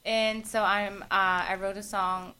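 A young adult woman singer-songwriter, a guest in a casual interview, laughing easily and pausing with fillers. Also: medium pitch, little pitch movement, sharp tone, slight background noise, poor audio.

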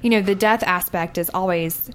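A woman's voice: on the low side, fairly even intonation, clear, resonant tone. A woman in her thirties, a guest in a casual interview, talking candidly and joking easily. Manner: chatty, candid, quick to joke and laugh.

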